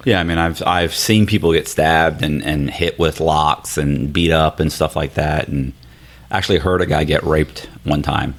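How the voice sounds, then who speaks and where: A man with a very deep, low voice tells a story in a casual podcast chat. He talks animatedly and slips into other people's voices. He is recorded in a hotel room set up as a makeshift studio. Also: moderate pace. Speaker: podcast guest.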